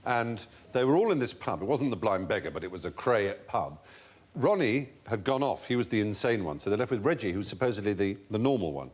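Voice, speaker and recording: An Englishman recounts an anecdote on a comedy panel show, slipping into voices and chuckling as he goes. His voice sits on the low side and moves a little fast.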